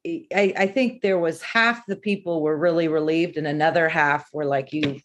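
A woman with a notably low, deep voice talks in a casual panel discussion. She tells her story in a chatty, anecdotal way, with plenty of fillers. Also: steady tone, normal speed.

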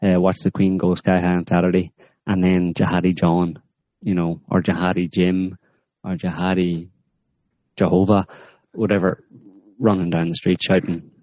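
Male host, very low voice, deadpan sarcasm, dry dull recording. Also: normal speed, dry recording. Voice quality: rambling, deadpan with many fillers. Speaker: podcast host. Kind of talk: sarcastic current-affairs chat.

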